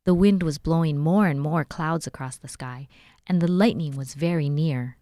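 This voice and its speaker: A woman from a library volunteer group reading a children's book aloud, with clear and expressive narration. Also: deep voice, moderate pace, dry recording, studio quality. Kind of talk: storybook read-aloud.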